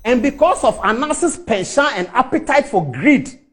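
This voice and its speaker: A middle-aged man with a Ghanaian English accent speaks in a strikingly high voice that leaps and dips with feeling. He delivers a fiery, rhetorical public speech and hammers his points home by repeating them. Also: big pitch swings, normal speed.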